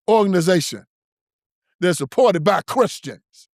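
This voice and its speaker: A man's voice: high-pitched, big pitch swings, brisk, a bit bright, dry recording, studio quality. A man hosting his own show, delivering an emphatic, preachy and confrontational political commentary monologue. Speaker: show host.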